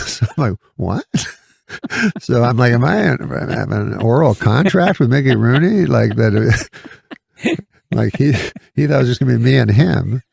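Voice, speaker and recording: A middle-aged man telling a rambling deadpan anecdote with halting restarts as a comedian guest. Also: medium pitch, vocal fry, slightly rough, dry recording, studio quality. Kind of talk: casual anecdote on a podcast.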